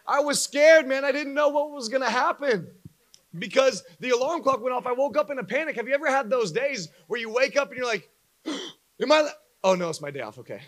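A young man preaching a sermon to a congregation, telling stories with lively acted-out voices. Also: extremely high pitch, fast. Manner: animated storyteller acting out voices for a live congregation. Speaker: pastor.

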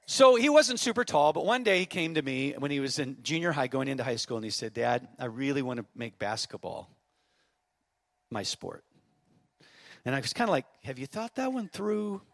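A man in his fifties, a pastor preaching a sermon, telling a story and then building to fervent shouted exhortation. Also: mid-range voice, sing-song, normal speed, no echo. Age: 50s. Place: church auditorium.

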